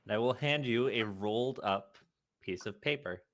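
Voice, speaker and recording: Male tabletop player, mid-pitched, matter-of-fact. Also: moderate pace. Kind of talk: playing a tabletop game.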